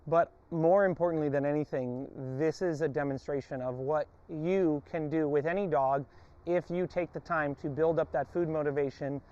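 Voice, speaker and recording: An American man working as a dog trainer, explaining a training session and giving sharp commands to his dog, recorded on a lapel mic. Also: a little high, moderate pace, muffled recording. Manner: barks short loud commands to a dog between calm explanations. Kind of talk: training demonstration with commentary. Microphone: wired lapel mic.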